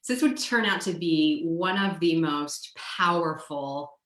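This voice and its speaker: A woman from the United States, a guest telling a personal story in a lively, chatty way, often saying "like" and "you know". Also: low voice, measured pace, echoey room, low-quality recording. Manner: lively, acts out quoted dialogue, frequent "like" and "you know".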